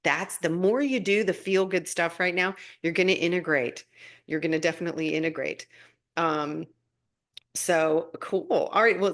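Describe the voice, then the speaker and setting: Middle-aged woman, lowish voice, casual live-stream host who gushes over viewer comments and jumps into high excited asides. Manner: warm, gushing, breaks into excited high-pitched asides. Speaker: spiritual guidance host.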